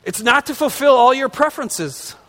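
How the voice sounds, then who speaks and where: A man's voice: very high voice, expressive, moderate pace, a bit bright. A man pastor delivering a conversational sermon, asking his congregation rhetorical questions as he goes. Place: church sanctuary. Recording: long reverb of a large hall.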